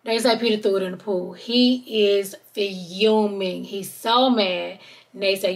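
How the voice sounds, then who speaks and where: A podcast host with a medium-pitched voice speaks slowly as she recaps a reality-show episode in casual chat. She's chatty and animated, quoting the cast in their voices as she goes.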